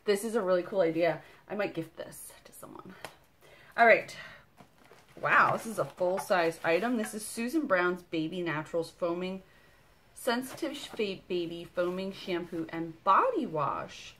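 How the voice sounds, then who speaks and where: A woman in her thirties with a slightly low voice talks through an unboxing in a loose, bubbly way. She piles on "like" and "um" as she goes, sounding chatty and unscripted. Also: lively intonation, normal speed, fairly bright tone, slight background noise. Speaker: vlogger. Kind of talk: casual unboxing chat.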